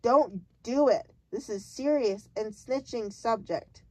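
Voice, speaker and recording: A woman voicing a big, muddled but kindly male giant who mangles his grammar, reading slowly in a dry, close recording. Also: lively intonation, a little mellow, dry recording. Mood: scolding. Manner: jumbled grammar, booming and emphatic.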